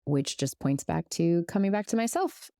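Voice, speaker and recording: A woman's voice: lowish voice, animated, moderate pace, warm tone, clean tone, no echo, studio quality. A middle-aged woman co-hosting a casual podcast, frank and playful with a sarcastic streak and casual swearing. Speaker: podcast co-host.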